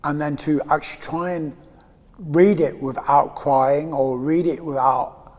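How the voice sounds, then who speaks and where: An Englishman in his fifties speaks with a fairly high, steady voice at a measured pace, slightly mellow, in a big-sounding room. He's the guest in a candid interview, rambling emotionally, laughing often and restarting his thoughts.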